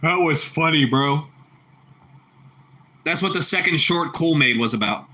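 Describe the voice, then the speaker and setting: A man chatting on a casual livestream with a bright, forceful voice. He talks in loose, repetitive bursts and laughs easily. He calls his viewers bro and bucko. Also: a little high, measured pace. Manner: laughs a lot. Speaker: livestream host reading chat.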